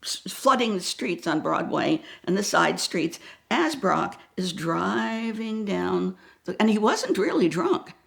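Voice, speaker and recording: Gravelly older woman telling a dramatic story. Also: mid-range voice, expressive, slow pace, a bit bright. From New York area. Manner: dramatic, acts out voices, drops to whispers. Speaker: guest storyteller. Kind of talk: animated anecdote telling.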